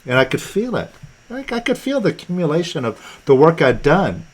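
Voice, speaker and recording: Relaxed man teaching on a video call. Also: on the high side, normal speed. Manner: relaxed, conversational, frequent fillers and restarts. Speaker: teacher hosting a live online session.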